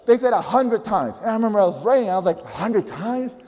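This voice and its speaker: A man with a Spanish accent, a native Spanish speaker, giving an energetic, emphatic and repetitive motivational speech as a business coach. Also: high-pitched, rapid-fire, in a large hall.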